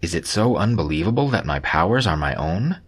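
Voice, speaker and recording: A man's voice: sits low, animated, a little fast, slightly rough. A man voicing a young male cultivator who talks to his father in a pleading, slightly defensive way. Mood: exasperated. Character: young male cultivator, earnest, a bit guilty. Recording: soft background music.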